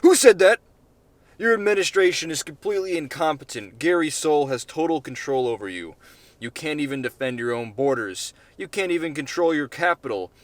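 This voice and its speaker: An angry male delegate, played by a man reading his own story, lashes out in a raised, accusing voice. He sounds defiant and forceful, like a diplomat who has had enough. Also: fairly high pitch, expressive, a little fast, voice pushed up, natural voice.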